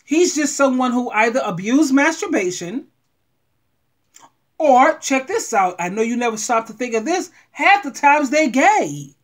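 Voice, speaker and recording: A middle-aged woman giving blunt, animated relationship advice straight to her viewers. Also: sits high, measured pace. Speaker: advice vlogger. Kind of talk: frank advice monologue.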